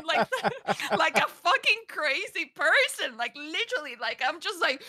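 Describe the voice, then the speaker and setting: A woman co-hosting a casual podcast, telling stories expressively with loud outbursts. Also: sits high, big pitch swings, measured pace. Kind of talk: casual chat.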